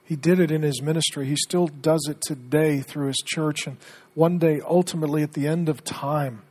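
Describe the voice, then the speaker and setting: Middle-aged pastor guy preaching, husky voice, earnest, gets hushed in the stories. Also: fairly high pitch. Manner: earnest, drops to a hushed tone when telling stories. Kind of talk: sermon.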